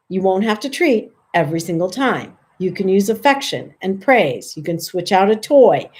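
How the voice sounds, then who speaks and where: Chatty woman dog trainer. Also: a little mellow. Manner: friendly, chatty, lifts her voice high for sample calls. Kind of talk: casual instructional talk to camera.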